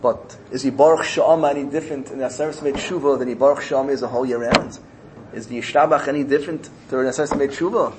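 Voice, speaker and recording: A man's voice: mid-range voice, fairly even intonation, fast talker, background noise. A man giving a sermon, telling a parable and repeating phrases as he builds his point. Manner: storytelling, rising emotionally in places, repeating phrases. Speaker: rabbi.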